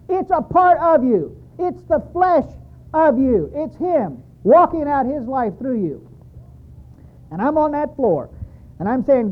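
A man's voice: very high voice, lively intonation, moderate pace. A man preaching a sermon, telling his own story with emphatic repetition. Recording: tinny, phone-like sound.

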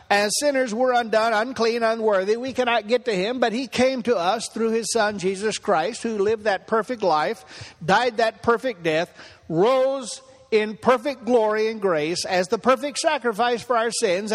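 A man's voice: high voice, measured pace. A man preaching a sermon as pastor, repeating phrases for emphasis and building to impassioned peaks. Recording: long hall reverb.

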